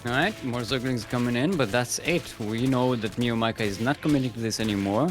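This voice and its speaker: A man's voice: medium pitch, brisk, soft background music. A man with an Australian accent casting a live strategy game tournament, joking and bantering. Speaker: esports caster.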